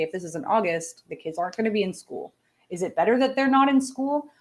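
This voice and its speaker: A woman in her thirties hosting a live show, chatting casually with viewers, laughing often and making self-deprecating asides. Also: medium pitch. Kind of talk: casual personal chat.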